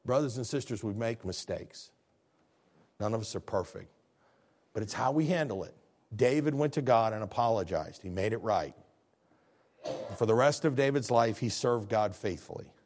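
A man preaching a sermon as pastor, talking conversationally and swinging from low, quiet stretches to loud, high ones. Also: lively intonation, normal speed, long pauses.

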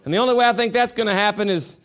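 A middle-aged man preaching a sermon as pastor, mixing folksy storytelling with impassioned passages that rise to shouts. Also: sits high, racing. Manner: impassioned, rising to shouts at peaks.

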